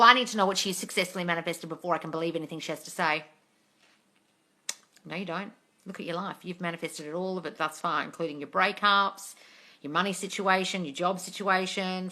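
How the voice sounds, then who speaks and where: Blunt swearing woman with a bright voice. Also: fairly low pitch. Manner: blunt, swears freely, calls viewers darling. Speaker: manifestation coach answering live chat questions. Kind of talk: casual live-stream Q&A. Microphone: phone or webcam, live stream.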